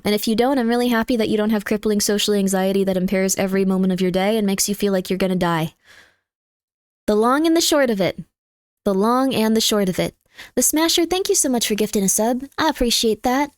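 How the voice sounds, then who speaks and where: Chatty high-voiced woman streamer. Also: no echo, studio quality. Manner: chatty and jokey, thanks viewers by name. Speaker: livestreamer. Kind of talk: casual live-stream chat.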